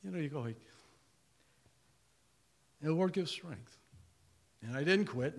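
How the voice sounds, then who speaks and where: A man's voice: unhurried, vocal fry, long pauses. An older man preaching a sermon as pastor, telling stories and acting out the dialogue in them. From Indiana, USA. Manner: storytelling, acts out dialogue, lively pitch.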